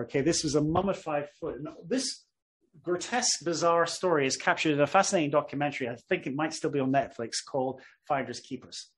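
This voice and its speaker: A middle-aged man, a professor, giving a public lecture in a conversational storytelling way, often checking in with "okay?". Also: fairly high pitch.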